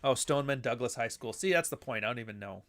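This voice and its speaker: A man's voice: mid-range voice, lively intonation, fast talker, fairly bright tone. Rambling, profane livestream host, a man. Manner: rambling, profane, reads chat aloud. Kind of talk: casual livestream chat.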